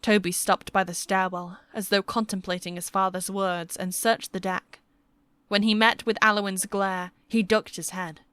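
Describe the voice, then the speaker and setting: A woman narrating a historical fantasy romance audiobook with steady, measured storytelling. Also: medium pitch, clear, resonant tone, no room sound.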